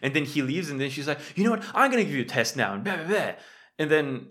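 A man's voice: on the high side, very animated, fast talker, fairly bright tone. A young man co-hosting a casual podcast, telling a rambling story, swearing freely and acting out what people said. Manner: rambling storyteller, swears often, acts out quoted lines. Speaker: podcast co-host. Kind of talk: casual chat.

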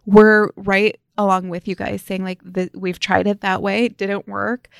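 A woman's voice: mid-range voice, level tone, a little slow, gravelly, smooth, dry recording, clean studio sound. A woman co-hosting a podcast in casual chat, retelling stories with quoted dialogue. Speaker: podcast co-host.

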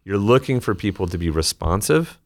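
A man being interviewed as a leadership author, telling stories in quick animated bursts. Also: sits low. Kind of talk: podcast interview conversation.

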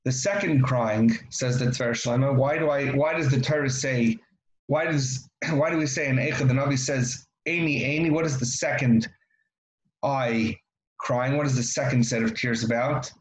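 A man's voice: mid-range voice, moderate pace, reverberant, slight background noise, low-quality recording. A man giving a Torah lesson, repeating key phrases and asking rhetorical questions. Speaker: Torah teacher.

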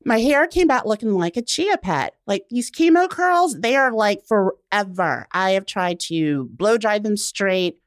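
Animated woman telling stories. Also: medium pitch, a little slow, hardly any pauses, dry recording, studio quality. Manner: animated storyteller, acts out quotes. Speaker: guest, blogger. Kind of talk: casual radio interview.

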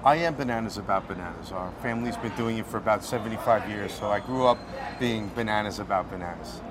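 A business owner speaking casually in an interview, quick and easygoing. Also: male voice, on the low side, background noise.

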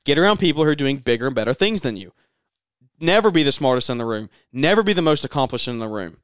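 A man's voice: medium pitch, very animated, quick pace, dry recording, studio quality. A man hosting a motivational podcast, urging listeners on with passion and lots of repetition. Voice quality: raspy. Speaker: podcast host.

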